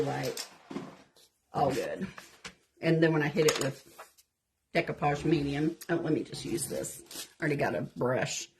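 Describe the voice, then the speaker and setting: A woman's voice: deep voice, background noise. A woman with a Southern US accent hosting a casual craft live stream, chatting folksily with viewers while she works on a project. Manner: chatty, folksy, says y'all a lot. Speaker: craft show host.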